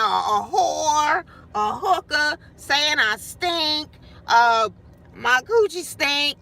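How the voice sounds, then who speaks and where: A woman's voice: fairly high pitch, expressive, a little slow, bright, forceful tone. A woman telling a heated, profane story in a venting vlog, recorded on a phone in her parked car. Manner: blunt, profane, heated retelling. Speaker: vlogger.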